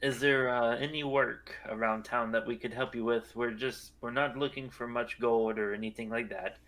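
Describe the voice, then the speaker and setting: A man playing a tabletop game, speaking in character in a polite, steady, slightly formal way. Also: mid-range voice, normal speed. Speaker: player. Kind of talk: in-character tabletop role-play.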